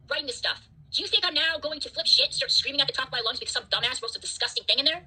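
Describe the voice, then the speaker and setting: A woman's voice: high voice, big pitch swings, rapid-fire, bright, forceful tone, husky, low-quality recording. A woman hosting a livestream, ranting at her chat in an angry, profane, defiant way. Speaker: livestream host.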